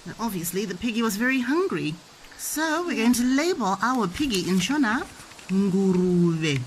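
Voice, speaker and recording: A woman's voice: a little high, very animated, moderate pace, a little hiss or hum, low-quality recording. A woman teaching her small child with toys, asking coaxing sing-song questions and acting out animal sounds. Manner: playfully acts out animal sounds and toy play. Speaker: parent teaching a toddler. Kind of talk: playful home lesson with toys.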